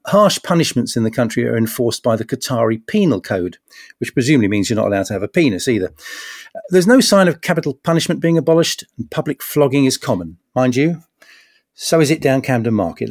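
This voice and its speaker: A man's voice: mid-range voice, darkish tone, no room sound, clean studio sound. A man hosting a podcast, delivering a wry, punning satirical comedy monologue with sarcastic asides. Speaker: podcast host.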